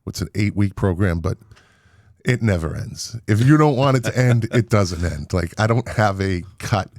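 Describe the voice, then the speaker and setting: A man's voice: on the low side, lively intonation, moderate pace, a little mellow, no echo, studio quality. A middle-aged man hosting a casual interview podcast, jokey and chatty, laughing often. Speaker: podcast host.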